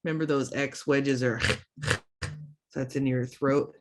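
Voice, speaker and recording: A woman teaching a language lesson online through a computer mic, slowly repeating words for learners and adding chatty asides in between. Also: a bass voice, fairly even intonation. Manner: slow drawn-out word repetitions for learners; chatty asides with self-teasing.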